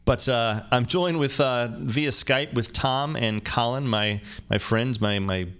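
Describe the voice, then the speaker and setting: A man's voice: mid-range voice, takes it slowly, a bit bright, clean tone. A man hosting a podcast in casual chat, rambling and joking with many fillers and restarts. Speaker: podcast host. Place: new studio with construction noise.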